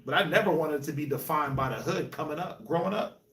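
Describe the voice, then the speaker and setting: A man from New York, Colorado and Jamaica, hosting a casual group discussion, telling animated stories with laughs. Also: a little high, brisk, slight background noise. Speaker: host. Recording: echoey room, mic at a distance.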